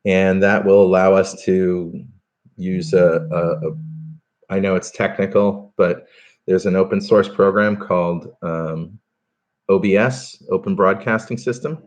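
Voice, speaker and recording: A man's voice: low-pitched, fairly even intonation, unhurried, a little mellow. A man hosting a live stream, chatting casually and reading out viewer comments, with plenty of fillers and restarts. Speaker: podcast host doing a live stream.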